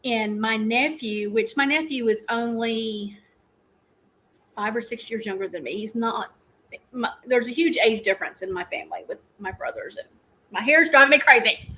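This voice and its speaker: A woman's voice: on the high side, normal speed, bright, forceful tone, a little hiss or hum, poor audio. A middle-aged woman, hosting a casual live stream and telling rambling stories with frequent laughs. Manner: chatty, rambling storyteller, laughs often.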